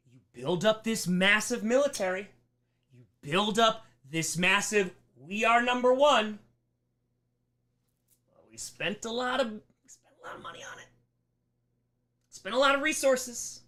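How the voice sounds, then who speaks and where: A man teaching a live history lesson on a stream, emphatic and animated, slipping into mocking voices. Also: high-pitched. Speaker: history teacher on a charity livestream.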